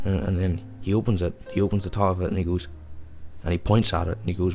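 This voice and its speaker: A man's voice: low voice, level tone, quick pace, gravelly, warm tone, faint music behind. A young man hosting a podcast, telling a rambling, profane anecdote in a casual way. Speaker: podcast host. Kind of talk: casual storytelling.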